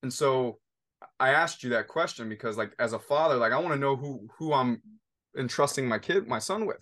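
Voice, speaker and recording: A man's voice: mid-range voice, animated, moderate pace, a bit bright. Man telling a story with restarts. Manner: storytelling, many restarts and fillers. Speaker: podcast host. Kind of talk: conversational interview.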